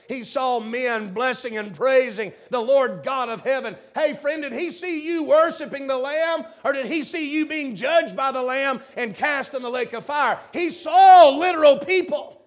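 In church, a man with a strikingly high-pitched voice preaches a fervent revival sermon at a moderate pace with few pauses. He swings from hushed, low asides to loud, shouted appeals to the congregation.

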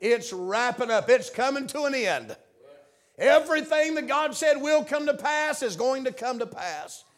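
A man preaches in church with a strikingly high-pitched voice. He delivers a fervent revival sermon, moving from hushed, low asides to loud shouted appeals to the congregation. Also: expressive, unhurried.

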